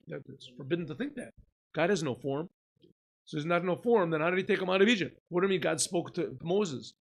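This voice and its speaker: A man, a rabbi, giving an informal Torah lesson, asking and answering his own questions and often clearing his throat. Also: fairly high pitch, a little mellow. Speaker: rabbi teaching a class.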